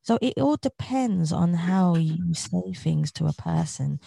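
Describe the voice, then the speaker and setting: A woman guest in an interview talks reflectively, earnest and motivational, circling back to the same phrases. Her voice is low, dark and mellow with a gravelly edge, expressive and unhurried. The recording is close and dry, with no room sound.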